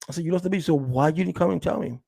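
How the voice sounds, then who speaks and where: Rambling high-voiced New man. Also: very fast, creaky, mellow, husky, no echo. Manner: rambling, with frequent restarts and quoted dialogue. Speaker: storyteller recounting a past relationship. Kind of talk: casual personal storytelling.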